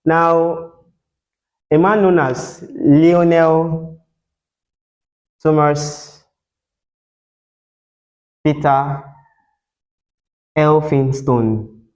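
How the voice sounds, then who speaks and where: Higher-voiced, mellow-toned male tutor. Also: steady tone, drawn-out words, long pauses. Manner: call-and-response questions, repeats key terms. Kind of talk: whiteboard lesson.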